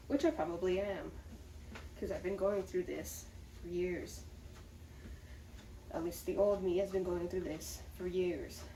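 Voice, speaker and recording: Speaking in a lowish, dark voice, this vlogger talks openly to the camera about a difficult period while staying chatty and upbeat. The echoey room, distant recording, and faint ambience leave slight background noise.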